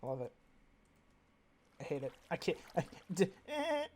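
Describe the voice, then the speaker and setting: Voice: mid-range voice, big pitch swings, moderate pace, darkish tone. A gamer giving casual let's-play commentary, rambling and chatting to in-game animals. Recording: audible background noise.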